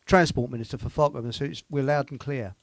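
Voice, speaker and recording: A man hosting a casual radio chat from a home computer microphone, making deadpan, self-deprecating jokes. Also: mid-range voice, fairly quick, no room sound. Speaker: host.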